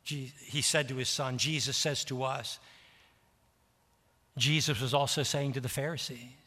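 A man preaching a sermon in a church, animated and voicing the characters' words, repeating phrases for emphasis. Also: mid-range voice, a little slow. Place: church sanctuary. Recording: long reverb of a large hall.

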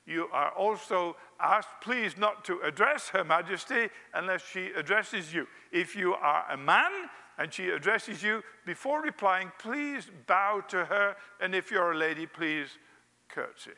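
A man's voice: sits high, expressive, a little slow, gravelly, sharp tone, big-room sound. A man preaching a sermon, telling a wry anecdote and acting out its quotes.

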